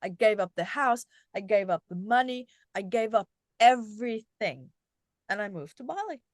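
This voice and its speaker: A middle-aged woman from South Africa, a guest telling her story in an animated, conversational way, often restarting her sentences. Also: mid-range voice, normal speed, no room sound, studio quality. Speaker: guest, self-help author.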